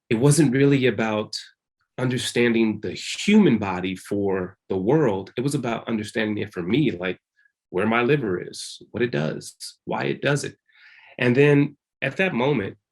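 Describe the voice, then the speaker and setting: A man, a wellness practitioner, telling a candid personal story in loose, conversational speech with many repeats. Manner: animated, acts out quoted dialogue with big pitch jumps.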